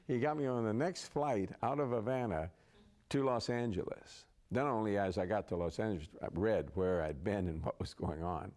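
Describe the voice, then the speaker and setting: A man's voice: lowish voice, a little fast, vocal fry, a little mellow. A man, an actor, telling anecdotes as an interview guest in a chatty raconteur manner, laughing through his stories. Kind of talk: anecdotal storytelling.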